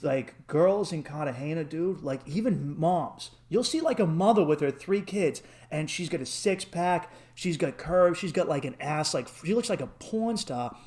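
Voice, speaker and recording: A man's voice: expressive, normal speed, few pauses, darkish tone. Rambling, swearing young man telling stories. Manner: rambling, swears freely, acts out quotes in a high voice. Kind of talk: casual chat, storytelling.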